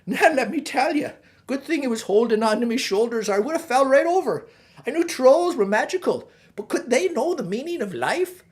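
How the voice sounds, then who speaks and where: Here is a rambling, folksy male Irish pig farmer in middle age, spinning a comic tale in a thick stage Irish accent, as a woman acts him out. The voice sits high and light. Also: expressive, normal speed, darkish tone. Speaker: guest host. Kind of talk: comic monologue in character.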